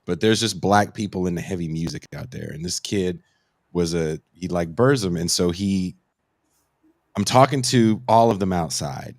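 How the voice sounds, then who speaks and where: A man's voice: sits low, no room sound, clean studio sound. A man from the US West Coast telling a casual podcast anecdote, acting out quotes and swearing freely.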